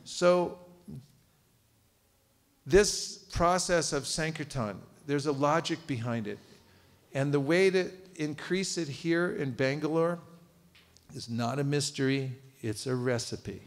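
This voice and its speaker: A man with a slightly high voice speaks slowly while teaching a live seminar in a temple cultural hall. He's lively, quizzing his audience and throwing in jokes as he goes.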